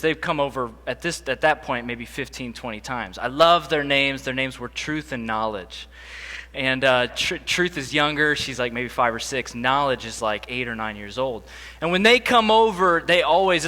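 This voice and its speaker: A man's voice: medium pitch, sharp tone. Young man telling a story in a hall. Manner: conversational, self-deprecating humor. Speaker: conference speaker. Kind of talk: storytelling keynote talk. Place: large conference hall. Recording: long hall reverb.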